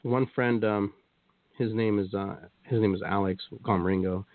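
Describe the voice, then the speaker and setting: A man's voice: on the low side, fairly even intonation, normal speed, no room sound. A man telling his story as a guest on a talk show, rambling with many restarts and quoted asides. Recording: tinny phone-like line, dry.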